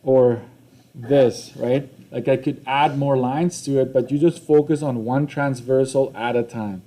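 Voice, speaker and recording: A young male math teacher walking a classroom through problems, his voice mellow and dark in tone. He talks conversationally, repeats himself and keeps checking in with his students. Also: medium pitch, fairly even intonation, a little slow. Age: young adult. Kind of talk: classroom lesson walkthrough.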